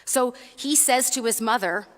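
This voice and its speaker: A woman preacher delivering a sermon in a friendly, storytelling way, tossing questions out to her listeners. Her voice is bright and a little high. It rings with the long reverb of a church. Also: a little slow. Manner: conversational, storytelling, asks the congregation questions.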